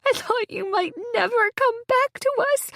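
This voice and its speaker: A woman voicing an overbearing, tearful young woman who gushes over her best friend in a shrill, drawn-out voice. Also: lively intonation, creaky, darkish tone, no echo, studio quality, full character voice. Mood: tearful shrieking. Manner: gushing, over the top.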